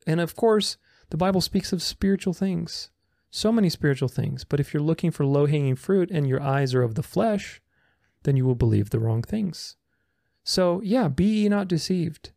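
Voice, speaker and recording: Man, gravelly, slightly high voice, sarcastic, argumentative, casual commentary. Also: animated, moderate pace, dark tone, dry recording, clean studio sound. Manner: sarcastic, argumentative, reads comments aloud and rebuts them. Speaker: religious commentator responding to comments.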